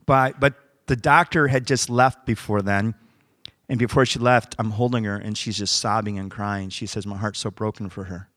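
A man's voice: on the low side, fairly even intonation, normal speed, a bit bright, no room sound, studio quality. A man, a pastor, preaching by telling a story and acting out the dialogue as he goes. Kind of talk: sermon storytelling.

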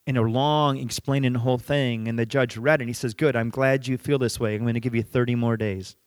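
A middle-aged man preaches in an easy, conversational storytelling manner, with a voice sitting at an ordinary middle pitch. He drops his voice low and soft to press a point home. The sound is close and dry, with no room around it. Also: fairly even intonation, brisk, no room sound. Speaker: pastor. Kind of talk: sermon with storytelling.

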